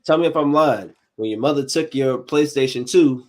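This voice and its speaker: A man in his thirties hosting a casual podcast panel, telling animated stories in slangy talk and acting out the quotes. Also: medium pitch, normal speed. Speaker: podcast host.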